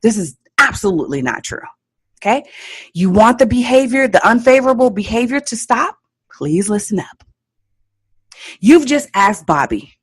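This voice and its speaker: A woman's voice: a little high, very animated, normal speed, long pauses, husky. A woman hosting a parenting podcast, giving emphatic coaching advice and checking in with "okay?" often. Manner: emphatic, repeats key points with frequent "okay?" check-ins.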